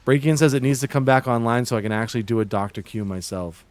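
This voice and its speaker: A man's voice: medium pitch, quick pace, no room sound. Man in a hammy put-on Boston-New York accent. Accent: exaggerated put-on Boston-New York. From Massachusetts. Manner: joking, playfully ribbing chat. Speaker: livestreamer. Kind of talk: casual livestream chat.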